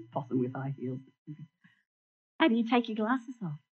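A woman giving an animated sermon in a church, asking the congregation questions and showing them props. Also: mid-range voice, slow pace, husky. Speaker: church speaker. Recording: dull lo-fi recording.

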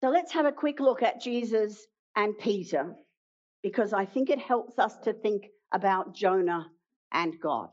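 A woman preaching a sermon, retelling a story with dramatic pauses and acted-out quotes. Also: mid-range voice, expressive, a little mellow. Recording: dull lo-fi sound.

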